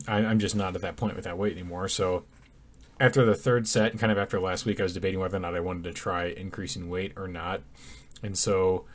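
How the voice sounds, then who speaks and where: A young man talking casually over his workout footage, sleepy and yawning, with lots of ums and restarts. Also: fairly low pitch. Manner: rambling, many ums and restarts. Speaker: fitness vlogger.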